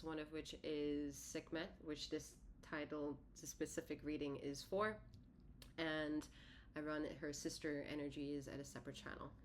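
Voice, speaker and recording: A woman with a notably low speaking voice gives a solo tarot reading, talking in a loose, conversational way. She often stops to correct herself, and her words come out slightly lisped and slurred. A faint hiss of noise sits under her voice. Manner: rambling, self-correcting, conversational. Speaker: tarot reader and healer.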